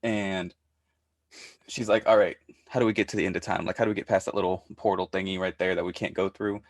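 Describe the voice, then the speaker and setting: A man's voice: deep voice, steady tone, fast talker, no room sound, clean studio sound. A man co-hosting a podcast, recapping a show in casual chat and retelling scenes with quoted voices. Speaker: podcast co-host.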